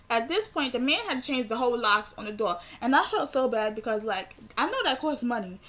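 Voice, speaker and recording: A young woman, telling a rambling, animated storytime vlog with lots of filler words. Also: high voice. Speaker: vlogger.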